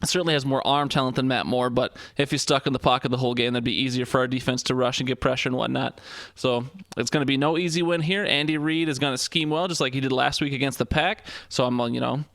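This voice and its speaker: A man's voice: medium pitch, fairly even intonation, fast, fairly bright tone, no echo. Rambling man co-hosting a sports podcast. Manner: rambling, filler-heavy, joking. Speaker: podcast co-host. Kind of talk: casual sports chat.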